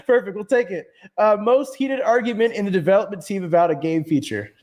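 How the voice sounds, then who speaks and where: Host, man, high voice, relaxed and loose, casual question reading. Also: normal speed. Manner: laid-back, laughs easily, filler-heavy. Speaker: podcast host. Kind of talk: casual gaming podcast hosting.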